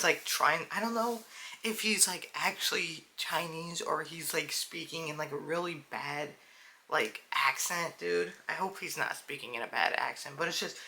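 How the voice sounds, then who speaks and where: A man's voice: on the high side, bright, forceful tone. Rambling young man reacting to old ads. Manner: rambling, filler-heavy, says "dude" and "guys" a lot. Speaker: video host. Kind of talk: casual reaction commentary.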